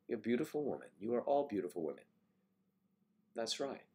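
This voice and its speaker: The voice is medium in pitch and mellow, with big pitch swings and a slightly fast pace. It belongs to a man hosting a relaxed morning livestream, reading out viewers' names and comments and answering with joking asides.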